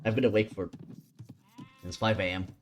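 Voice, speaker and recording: A tired man doing chatty solo commentary on a strategy game match, relaxed and casual. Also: lowish voice, moderate pace, slight background noise. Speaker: esports caster.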